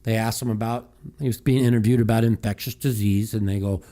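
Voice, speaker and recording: A man's voice: mid-range voice, fast. Profane, heated man ranting on a podcast. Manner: restarts and repeats himself. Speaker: podcast host. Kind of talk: casual call-in chat and rant.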